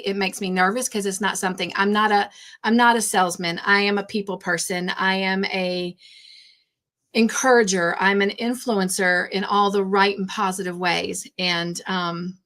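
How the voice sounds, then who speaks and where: A woman's voice: medium pitch, steady tone, normal speed, a bit bright. A woman hosting a craft livestream, chatting casually and rambling, repeating herself when nervous. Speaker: craft channel host.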